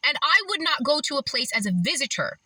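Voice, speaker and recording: A woman's voice: high-pitched, big pitch swings, fast talker, pushed and bright, dry recording, rough recording. A woman from Las Vegas talking to camera in an earnest, emphatic, chatty way. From Las Vegas, Nevada, USA. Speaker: vlogger. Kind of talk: casual talk to camera.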